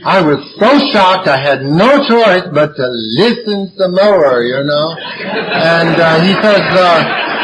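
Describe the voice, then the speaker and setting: Here a man addresses a meeting crowd about his recovery, blunt and full of profanity, driving points home by repeating them. He speaks slowly with a fairly high, somewhat bright voice and lively intonation, captured on a low-quality recording.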